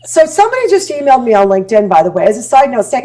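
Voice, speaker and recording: A woman's voice: sits high, fast. A Canadian woman, a guest speaking coach on a podcast, talking bluntly and acting out quoted messages. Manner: blunt, animated, acts out quoted dialogue. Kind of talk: casual podcast interview.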